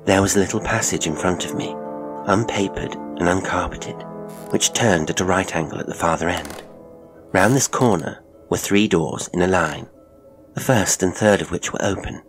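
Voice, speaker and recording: Male narrator, deep and gravelly, measured and grave delivery. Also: music in the background. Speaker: audiobook narrator. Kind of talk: scripted narration of a Victorian story.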